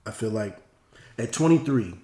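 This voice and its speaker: Man, 30s, lowish voice, reflective and measured, podcast chat, roomy echo. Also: lively intonation, dark tone. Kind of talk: casual discussion. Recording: echoey room.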